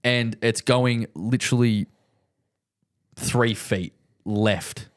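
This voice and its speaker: A man co-hosting a podcast and telling a golf story in easygoing chat. His voice sits at an ordinary middle pitch. He swears freely and keeps tagging "right?" onto his sentences. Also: steady tone, very slow, smooth. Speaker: podcast co-host. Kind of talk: casual chat.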